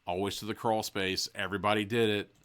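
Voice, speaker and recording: A man's voice: fairly low pitch, level tone, a little fast, a bit bright, clear, resonant tone. A man hosting a podcast, casually reading a gamebook aloud and breaking off with profane, joking asides. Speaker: podcast host.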